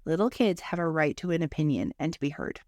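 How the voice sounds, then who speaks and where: A woman's voice: low voice, animated, fast talker, a little mellow, dry recording, clean studio sound. Rambling mother on a podcast. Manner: rambling, filler-heavy talk. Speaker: podcast co-host. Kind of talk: casual chat.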